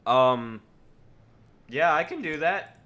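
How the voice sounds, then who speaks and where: A male streamer chats his way through a game, reading its text aloud and joking about what happens. His pitch swings widely and freely. The tone is bright and forward. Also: takes it slowly. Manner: animated, reads game text aloud and jokes. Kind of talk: casual gameplay commentary.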